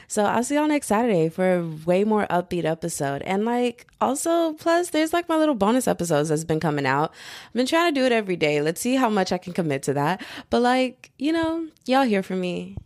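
A woman's voice: lowish voice, lively intonation, a little fast, a little mellow, no echo, studio quality. A young woman hosting a podcast from home, chatting casually and rambling with lots of fillers. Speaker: podcast host. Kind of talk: casual chat. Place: at home, household noise possible.

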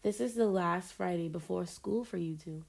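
A woman reading aloud and voicing a bossy, teasing young woman who is the older sister, a little higher and louder than her narration. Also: normal speed, creaky, slightly rough. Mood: fond. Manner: bossy and playful, mock-proud.

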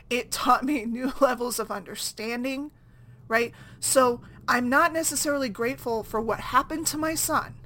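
A woman's voice: medium pitch, bright, forceful tone. A woman in her thirties speaking casually about her own life, chatty, often asking "right?" and laughing easily. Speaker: single mom blogger. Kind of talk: casual personal talk.

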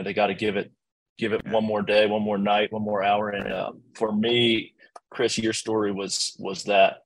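A man's voice: fairly low pitch, dry recording, rough recording. A man speaking as a podcast guest, earnest and sincere. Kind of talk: casual podcast conversation.

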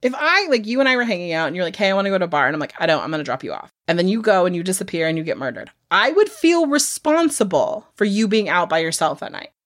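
A woman co-hosting a casual true crime podcast, telling the case in an animated way, swearing freely and acting out what people said. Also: fairly low pitch, fast talker, few pauses, no echo, studio quality. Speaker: podcast co-host.

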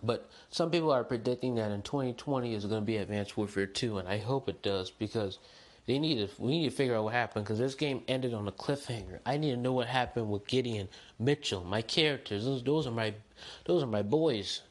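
A young man hosting a solo podcast, chatting in a rambling, excitable, slangy way. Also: medium pitch, brisk. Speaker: podcast host. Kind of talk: casual solo podcast chat.

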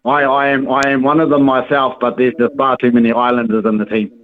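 A man's voice: mid-range voice, little pitch movement, fairly quick. A man calling talkback radio, earnest and a little hesitant. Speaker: caller. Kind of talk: phoned-in talkback chat. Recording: tinny phone line.

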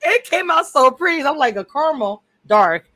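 A woman's voice: sits high, lively intonation, moderate pace, pushed and bright, no echo. A woman co-hosting a casual recap chat over a video call, talkative and prone to drifting off topic with many restarts. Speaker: co-host.

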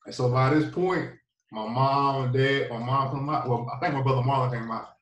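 Steady and medium in pitch, with a fairly bright tone at normal speed, this man comes through on dull-sounding audio. He's a pro footballer from North Carolina telling his story as a guest in a loose, filler-heavy way, and the room sounds big with the mic far off.

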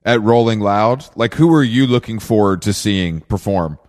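A man's voice: on the low side, moderate pace, a little mellow. Joking male podcast co-host. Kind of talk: casual interview chat.

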